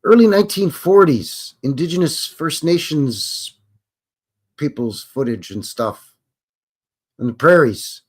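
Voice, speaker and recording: A man's voice: on the high side, lively intonation, takes it slowly, pauses often, breathy edge. A man with a Canadian accent hosting a livestream Q&A in a loose, joking, meandering way. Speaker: livestream host. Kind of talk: casual rambling livestream chat.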